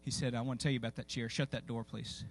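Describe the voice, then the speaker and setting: A man's voice: mid-range voice, little pitch movement, fast talker, slight background noise. A man preaching a sermon, telling a story in a folksy, conversational way with many fillers and restarts. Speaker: pastor. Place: church sanctuary.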